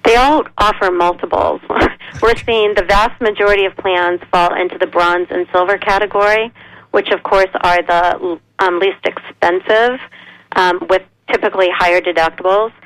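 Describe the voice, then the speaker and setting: A woman guest expert explaining health insurance options in a measured, informative way, with frequent ums. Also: medium pitch, steady tone, fairly bright tone, dry recording, poor audio. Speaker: nonprofit executive director, guest expert. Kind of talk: radio interview.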